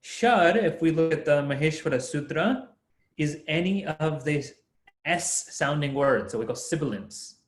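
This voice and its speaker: A young man leads an online lesson at an unhurried pace, breaking each point into patient steps and laughing easily as he goes. His voice sits a bit high for a man. The sound carries a clear room echo, as if picked up over a video call. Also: expressive. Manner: patient, explains step by step, laughs often. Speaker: Sanskrit teacher. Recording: echoey room.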